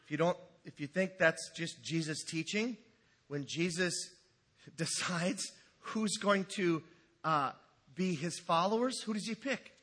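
A man's voice: high-pitched, a little slow. A man preaching a humorous sermon, joking and acting out the scripture he quotes. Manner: animated, jokey, acts out quotes.

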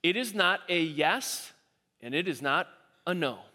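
Preacher, man, high bright voice, animated delivery, big reverberant hall. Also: measured pace. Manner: animated, acts out quoted voices, repeats himself. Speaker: pastor. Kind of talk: sermon.

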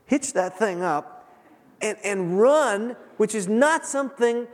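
High-voiced male pastor in a reverberant hall. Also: animated. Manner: retells a scripture story with dramatic pauses and emphasis. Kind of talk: sermon.

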